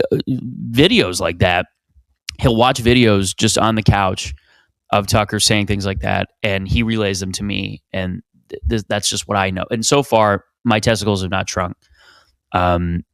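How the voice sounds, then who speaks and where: A man in his thirties from Canada rambles through a solo comedy podcast, swearing freely and poking fun at himself. His voice sits low and sounds close and dry, with no room around it. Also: dry recording. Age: 30s. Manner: rambling, profane, self-mocking. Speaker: podcast host.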